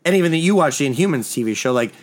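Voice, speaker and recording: A man's voice: on the high side, expressive, rapid-fire. A man co-hosting a podcast in casual chat, explaining comic lore at length in a knowledgeable way. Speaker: podcast co-host.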